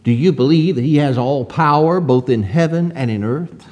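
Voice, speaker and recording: A man's voice: on the high side, darkish tone. A man preaching a sermon, reading old-fashioned scripture aloud and asking his listeners rhetorical questions. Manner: slow, deliberate preaching with rhetorical questions and swells of emphasis.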